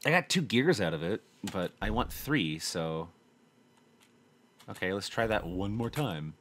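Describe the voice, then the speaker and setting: A man commentating his own gameplay, talking to himself, swearing often and swinging from low muttering to loud frustrated outbursts. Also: lively intonation, measured pace, a little hiss or hum. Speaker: gaming channel host. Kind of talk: let's play commentary.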